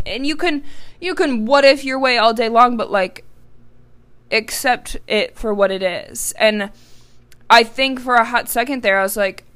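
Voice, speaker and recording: Smooth-voiced young woman rambling candidly. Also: on the high side, unhurried, fairly bright tone. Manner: rambling, heavy use of "like", candid and frank. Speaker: podcast host. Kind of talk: casual personal podcast monologue.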